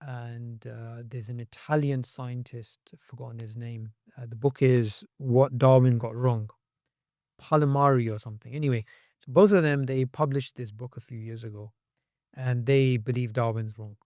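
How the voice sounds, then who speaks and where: A man on a podcast as a guest, talking with animation and acting out quoted voices with sharp jumps in pitch. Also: fairly even intonation, normal speed, no echo, clean studio sound. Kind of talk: podcast conversation.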